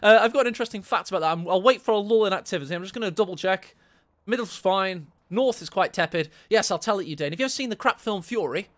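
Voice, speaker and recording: A man's voice: high voice, expressive, fairly bright tone. A man commentating a strategy video game, jokey and fond of telling stories. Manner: jokey, storytelling, quick to laugh.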